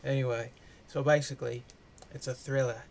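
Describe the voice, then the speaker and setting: A man's voice: mid-range voice, level tone, moderate pace, creaky, a little mellow. Casual, profane man reviewing a movie. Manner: loose, profane, chatty.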